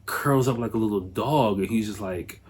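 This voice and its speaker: A man hosting a podcast, telling a travel story in a loose, animated way, full of swearing and fillers. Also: fairly low pitch, normal speed, slight background noise. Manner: animated, profane, filler-heavy retelling. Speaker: podcast host. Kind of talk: casual anecdote storytelling.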